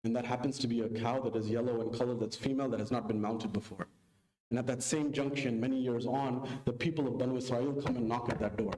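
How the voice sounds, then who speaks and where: A man giving a sermon, telling a story and acting out its dialogue with big pitch jumps. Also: fairly even intonation, quick pace, mellow. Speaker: preacher. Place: mosque hall. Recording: echoey mosque hall.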